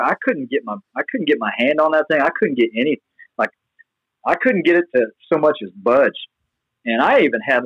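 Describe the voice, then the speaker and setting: A young man telling a personal story in a casual, rambling way, full of restarts and fillers, then getting animated as it builds. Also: medium pitch, slightly rough, dry recording, dull audio. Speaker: guest sharing testimony.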